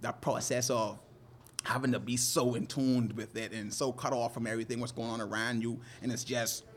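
A man's voice: mid-range voice, level tone, moderate pace, slight background noise. A man working as a fishing guide, talking loosely and animatedly in an interview, often laughing. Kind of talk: casual interview talk.

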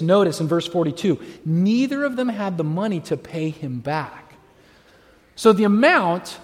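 A man preaching a sermon, telling stories animatedly and acting out the voices of people he quotes. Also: sits high. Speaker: pastor. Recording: long hall reverb.

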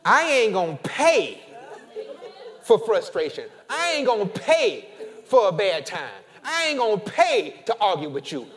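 A man preaching a sermon as pastor, animated, with call-and-response and casual storytelling asides. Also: high voice, measured pace, some chatter behind.

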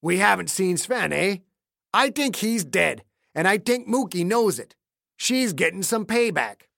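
A gruff, wounded older man in an audiobook calls out with dry humor, as a male narrator puts him on. The voice sits a touch high and is recorded dry and close. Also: animated, a little slow, fairly bright tone, dry recording, full character voice.

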